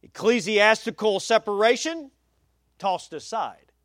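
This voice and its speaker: Male pastor, higher pitch, emphatic sermon delivery with folksy asides, dry recording. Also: expressive, a little slow, fairly bright tone, no room sound. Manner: emphatic, varies pace for stress, folksy asides.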